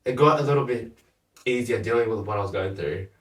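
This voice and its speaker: A young man, a podcast guest, chatting casually with a relaxed, laughing manner and a lot of "like". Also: medium pitch, a little fast. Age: young adult. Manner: laid-back, laughs often, lots of "like". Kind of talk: casual chat. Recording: echoey room, mic at a distance.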